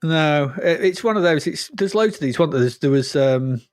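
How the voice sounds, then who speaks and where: A man's voice: a little high, expressive, normal speed, no room sound, clean studio sound. A man co-hosting a casual podcast chat, rambling, laughing often and reading out film plots. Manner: rambling, laughs often, reads plot summaries aloud. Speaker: podcast co-host.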